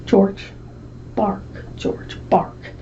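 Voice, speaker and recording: A woman voicing a patient, worried mother dog, coaxing slowly and with emphasis, recorded on a distant, muffled mic. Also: warm tone, a little hiss or hum.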